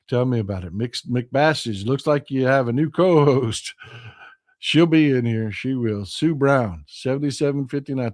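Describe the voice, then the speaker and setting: A man's voice: mid-range voice, no echo, studio quality. A man hosting a live stream, chatting in a folksy, rambling way as he reads viewer comments. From Texas. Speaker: host of a live call-in stream. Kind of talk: casual chat reading viewer comments.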